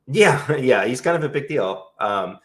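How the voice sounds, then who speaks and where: A man's voice: mid-range voice, lively intonation, unhurried, fairly bright tone. A middle-aged man hosting a casual interview, enthusiastic and rambling with lots of fillers. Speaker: interview host.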